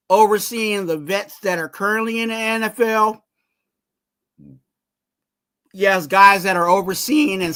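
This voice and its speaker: A man's voice: sits high, sharp tone. A man hosting a fan channel, giving casual sports commentary in a rambling way and urging viewers to subscribe.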